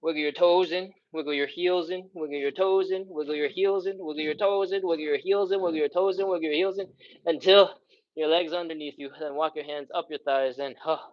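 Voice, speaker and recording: A stretching instructor leads a live follow-along workout, counting down holds and sighing between counts as he stretches and catches his breath. His voice sits on the high side with fairly even intonation, a little fast, and the audio is dull.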